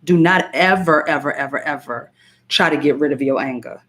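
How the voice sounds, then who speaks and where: A woman's voice: deep voice, normal speed, fairly bright tone. A woman giving emphatic spiritual self-help advice on a live stream, repeating phrases and greeting viewers by name. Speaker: spiritual coach and hypnotist.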